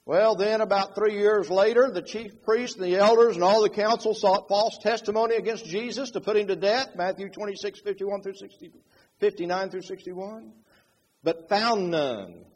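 A man preaching a sermon in an animated way, acting out quotes with changing loudness. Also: sits high, normal speed, in a large hall, rough recording.

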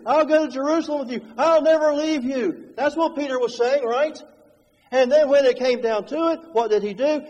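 High-voiced preacher in a reverberant hall. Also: male voice, dull audio. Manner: dynamic, swings from hushed to fervent. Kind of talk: sermon.

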